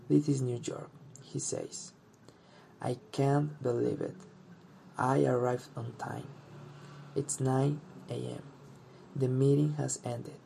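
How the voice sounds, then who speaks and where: Male narrator, mellow and unhurried, telling a personal story in a measured, step-by-step way. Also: mid-range voice, gravelly, slight background noise. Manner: slow, deliberate, short plain sentences.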